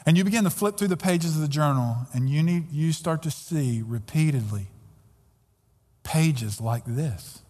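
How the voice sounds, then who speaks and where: A man's voice: a little high, unhurried, darkish tone. A pastor preaching a sermon earnestly and emphatically, often repeating his words as he goes. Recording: long hall reverb.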